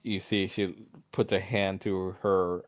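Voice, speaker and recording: A man narrating a tabletop game as game master, in a relaxed storytelling manner. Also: low-pitched, slow, faint music behind.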